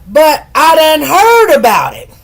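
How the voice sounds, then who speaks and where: A woman's voice: high voice, wildly swooping pitch, unhurried. Chatty middle-aged woman live-streaming. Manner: chatty, greets viewers by name, repeats words for emphasis. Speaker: livestream host. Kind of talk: casual live-stream chat.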